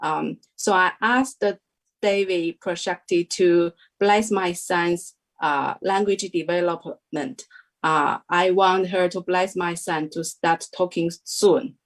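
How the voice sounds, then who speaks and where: A young woman telling her story as a guest, slowly and hesitantly, in careful non-native English with many pauses and fillers. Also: fairly low pitch, fairly even intonation. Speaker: guest sharing a testimony. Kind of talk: casual spoken testimony.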